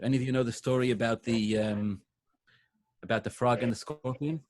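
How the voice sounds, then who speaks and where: A man speaking as a rabbi to a synagogue congregation, in a medium, ordinary pitch. He talks loosely and conversationally, with fillers and restarts. He sounds like he is answering a question from the room rather than reading a text. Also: steady tone, brisk, darkish tone. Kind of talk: sermon-style Q&A to a congregation.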